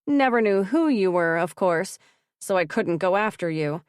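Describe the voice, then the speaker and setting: A woman doing a calm, deadpan sarcastic man. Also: medium pitch, moderate pace, clean tone, no room sound, clean studio sound, natural voice. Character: composed man, coolly sarcastic.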